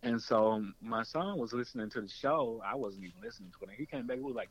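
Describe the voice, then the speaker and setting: A documentary filmmaker and former radio producer tells a long story in an interview, animatedly acting out the people he quotes with jumps in pitch. He speaks fast with hardly any pauses, and the audio is dull with a little hiss or hum.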